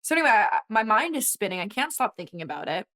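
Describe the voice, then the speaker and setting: A woman in her twenties talks as a guest in relaxed conversation, her voice sitting at a middle pitch. She tells her story with animation and quick asides. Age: 20s. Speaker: guest, former college swimmer. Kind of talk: casual conversation.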